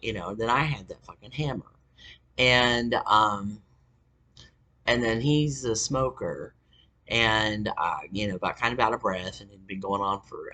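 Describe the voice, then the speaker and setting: A man's voice: on the low side, pushed and bright, slightly rough. A man telling a story in a rambling, casual way, full of fillers, restarts and swearing.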